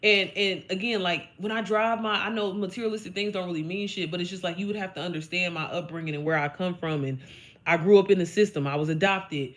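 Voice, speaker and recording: A woman's voice: lowish voice, steady tone, fast talker. A young woman from Indiana giving a blunt, profane, emphatic motivational talk to her followers, chatty and full of fillers. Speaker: online business coach.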